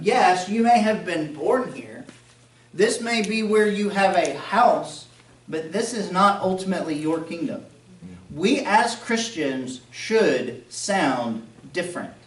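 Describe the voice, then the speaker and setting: In a church sanctuary, a pastor with a high voice and a faint Southern American accent preaches a sermon conversationally, tossing in joking asides and acting out quotes. The sound is roomy, and he's far from the mic.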